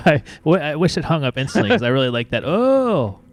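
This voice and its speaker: A man hosting a comedic call-in stream, teasing his co-host in a quick, playful way. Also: fairly high pitch, sing-song. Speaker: show host. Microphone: webcam video call.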